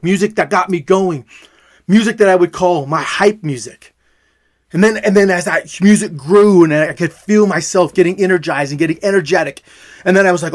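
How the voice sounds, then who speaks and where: A man, a father, telling his own story in an emphatic way and repeating words for emphasis. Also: high-pitched. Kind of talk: personal storytelling.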